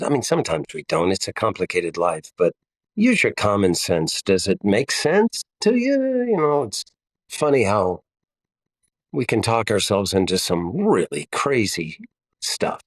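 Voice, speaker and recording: A man's voice: sits low, sing-song, measured pace, dry recording. An older man talking as an interview guest, blunt and wry, telling stories in a casual way.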